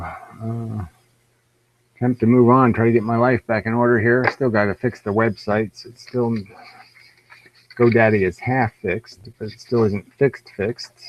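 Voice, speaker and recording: An American man hosts a live stream alone, rambling in a wry, profane, self-mocking manner. His voice is on the low side, and the dull lo-fi stream audio carries a little hiss or hum.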